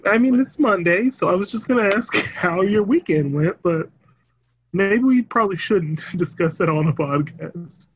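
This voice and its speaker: A man's voice: high-pitched, animated, moderate pace, husky. A man co-hosting a podcast in casual chat, easygoing and often laughing. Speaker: podcast co-host. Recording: dull muffled audio.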